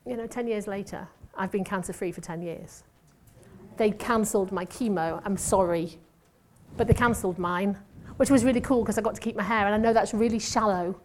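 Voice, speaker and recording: A former nurse in her 50s who speaks at church talks briskly in a mid-range voice. Her testimony sermon is conversational and self-mocking, dotted with asides.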